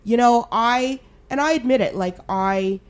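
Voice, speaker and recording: A woman's voice: fairly high pitch, a little slow, clean tone. A young adult woman from Canada, co-hosting a podcast in casual chat, candid and emphatic with casual swearing. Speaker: podcast co-host.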